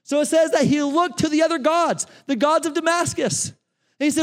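A man preaching a sermon to his congregation, animated and out of breath, addressing them directly. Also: very high-pitched, moderate pace. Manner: animated, talks straight to the congregation. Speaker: pastor. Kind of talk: sermon with a live running demonstration. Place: church sanctuary. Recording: long reverb of a large church hall.

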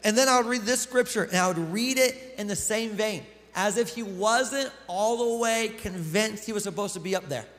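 A man's voice: sits high, normal speed, hardly any pauses, a bit bright. A young adult man preaching a conversational sermon to a congregation, reading long passages of scripture aloud. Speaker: pastor. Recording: long reverb of a large room.

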